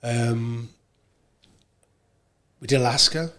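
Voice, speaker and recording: Englishman telling relaxed travel stories. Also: mid-range voice, slow. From England. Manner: relaxed storytelling, animated when quoting others. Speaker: guest, radio presenter and producer. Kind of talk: casual conversation.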